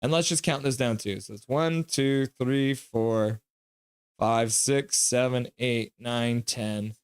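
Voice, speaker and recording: A young man runs a live hockey reaction stream, excitable and joking as he reads his chat. His voice sits at an ordinary pitch and is recorded dry and close on a desk mic. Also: takes it slowly, clear, resonant tone, no room sound.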